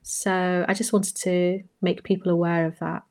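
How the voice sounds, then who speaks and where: A woman's voice: lowish voice, level tone, normal speed, a little mellow. A woman co-hosting a podcast who rambles in a hesitant way, full of ums and small laughs. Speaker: podcast co-host. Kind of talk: casual chat.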